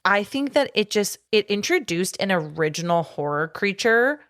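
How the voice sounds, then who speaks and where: A woman's voice: mid-range voice, expressive, moderate pace, fairly bright tone. A woman co-hosting a podcast, chatting casually and enthusiastically, swearing often and using many fillers. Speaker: podcast co-host. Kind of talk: casual chat.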